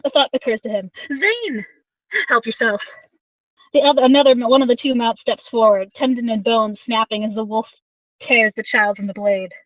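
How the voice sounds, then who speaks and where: A woman running a tabletop game as game master, narrating in an animated, playful way and swearing casually. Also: on the high side, fairly quick, dry recording, far from the mic, dull audio.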